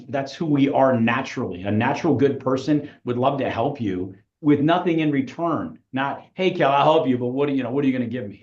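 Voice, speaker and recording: A man who works as a recruiter giving networking tips in a webinar, acting out little dialogues as he goes. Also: mid-range voice. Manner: acts out little dialogues with lively voices. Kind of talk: webinar talk. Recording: roomy, dull audio.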